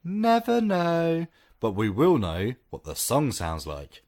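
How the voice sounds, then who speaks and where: A man co-hosting a podcast in casual chat, animated and joking, laughing often. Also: deep voice, a little slow. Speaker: podcast co-host.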